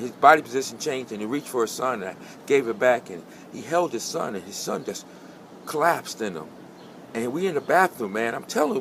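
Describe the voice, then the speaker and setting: A middle-aged man tells a personal testimony in a plain, medium-pitched voice. He talks conversationally, circles back on phrases for emphasis and rises into fervent peaks. A faint hiss sits under the recording. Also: fairly bright tone. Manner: conversational, repeats himself for emphasis, builds to fervent. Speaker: storyteller sharing a testimony.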